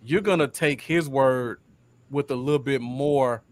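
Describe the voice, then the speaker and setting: A man co-hosting a casual sports talk show, explaining football coaching in a steady way. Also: medium pitch, a little slow. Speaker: podcast co-host.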